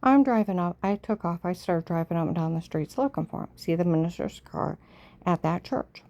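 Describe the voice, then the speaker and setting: Gravelly, dark-voiced woman telling her story. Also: lowish voice, animated, brisk. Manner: emotional, often drops to a hushed near-whisper; checks in with the listener by asking "okay?". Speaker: storyteller recounting her own past. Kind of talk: casual personal storytelling.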